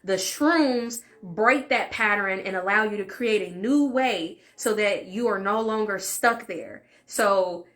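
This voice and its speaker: A woman's voice: mid-range voice, takes it slowly, hardly any pauses, fairly bright tone. A young adult woman vlogger telling a candid, emotional personal story in casual conversational talk, with fillers and asides. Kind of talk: storytime vlog.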